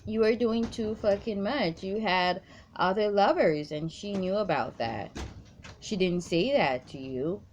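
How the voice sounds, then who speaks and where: A woman's voice: medium pitch, unhurried, a little hiss or hum. A woman doing a tarot reading straight to the viewer, blunt and emphatic, swearing freely and repeating her points. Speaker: tarot card reader.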